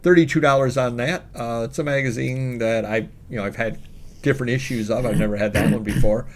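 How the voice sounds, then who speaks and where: A man's voice: mid-range voice, fairly even intonation, brisk. Male co-host, chatty and rambling, fillers and asides while he lists items. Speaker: co-host of a reselling show. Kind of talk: casual chat about sales.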